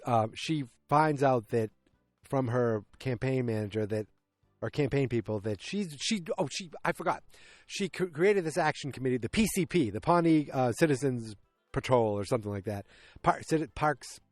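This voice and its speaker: A man's voice: mid-range voice, no echo. Rambling man recapping a sitcom episode. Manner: rambling, with many restarts, acting out bits of dialogue. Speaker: podcast host.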